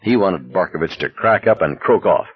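A man narrating an audiobook in an expressive, dramatic reading. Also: low voice, moderate pace, slightly rough, muffled recording.

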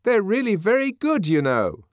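A man voicing a nervous sightseer who tries to placate with a high, eager voice. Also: huge pitch swings, normal speed, dry recording, studio quality. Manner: nervous, ingratiating.

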